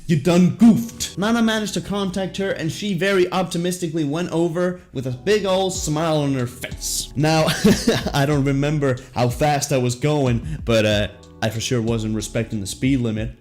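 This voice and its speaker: A man's voice: a little high, normal speed, faint music behind. A young man telling an embarrassing story in a comedic storytime monologue, jokey and self-deprecating with puns and asides. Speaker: vlogger.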